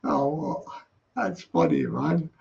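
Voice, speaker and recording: Gravelly high-voiced man chatting. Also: animated, very slow, a little mellow, lo-fi sound. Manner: chatty, laughs often, teasing. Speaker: live stream host reading chat. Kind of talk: casual late-night chat.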